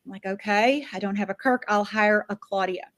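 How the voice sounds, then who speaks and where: A woman's voice: mid-range voice, moderate pace. An older woman from Florida giving a motivational speech as a sales director, acting out quoted dialogue. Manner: animated, acts out quoted dialogue.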